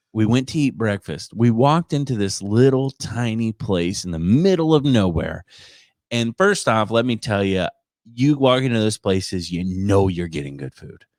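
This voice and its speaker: Male podcast host, casual storyteller, animated delivery, dry studio sound. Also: lowish voice, dry recording. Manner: animated, quotes others in put-on voices.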